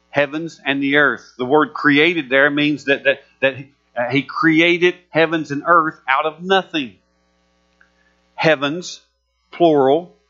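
Male preacher, high bright voice, emphatic sermon delivery, muffled recording with hum. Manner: emphatic, repetitive preaching with rising fervor.

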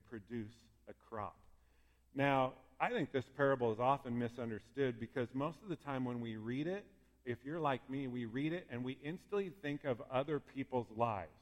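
A male pastor giving a sermon in a lively, conversational way, with asides and fired-up moments. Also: mid-range voice. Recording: long reverb in a hall.

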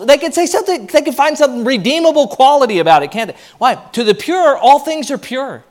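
A man preaching a sermon as pastor, animated and lively, acting out the voices of people he quotes. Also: very high-pitched, a little fast, few pauses.

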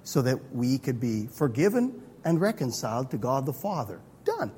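A man preaching a sermon in a conversational, animated way. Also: mid-range voice, normal speed, slight background noise. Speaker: pastor. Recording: long hall reverb.

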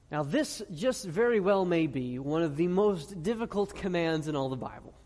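A male pastor with a high-pitched, slightly mellow voice and lively intonation preaches an earnest sermon in a large church hall full of long reverb. He reads scripture slowly, stressing each phrase, and puts rhetorical questions to his listeners.

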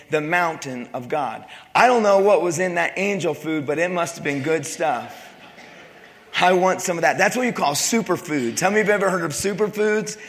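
A man preaching a sermon, retelling a scripture story with joking asides and dropping to a hush for quiet passages. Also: sits high, in a large hall. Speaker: pastor.

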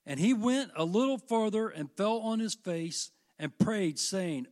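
A man preaching a sermon, swinging from loud declarations to hushed questions and reading scripture slowly with weight. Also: sits high, animated. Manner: reads scripture in slow, drawn-out emphasis.

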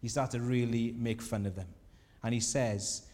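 A man preaching a sermon, telling a scripture story with lively voices for the people in it. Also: medium pitch, normal speed, hardly any pauses. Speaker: pastor. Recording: long hall reverb.

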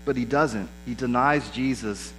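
A man's voice: mid-range voice, a little slow, a bit bright, slight background noise, low-quality recording. A man preaching a sermon in a conversational way, acting out the lines of the people he quotes. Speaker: pastor.

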